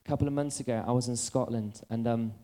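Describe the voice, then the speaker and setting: A man preaching a sermon, telling funny stories about himself and then easing into soft, earnest appeals. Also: medium pitch, fast talker. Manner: animated storytelling, drifting into soft earnest appeals.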